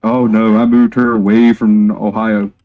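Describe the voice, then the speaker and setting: A man's voice: fairly low pitch, little pitch movement, unhurried, narrow, tinny audio. A man, chatting on a game stream and telling a joking, rambling story with casual swearing. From North Carolina, USA.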